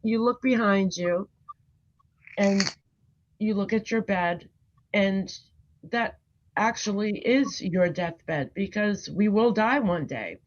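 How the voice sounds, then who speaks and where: A woman's voice: mid-range voice, takes it slowly, pauses often. A woman hosting a casual livestream, earnestly explaining a morning routine step by step. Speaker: livestream host. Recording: dull lo-fi sound.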